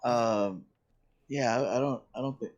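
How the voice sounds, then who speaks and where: A man playing in a tabletop game, speaking in a hesitant, halting way with restarts. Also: mid-range voice, highs cut off. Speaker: player. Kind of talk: casual chat at a tabletop game.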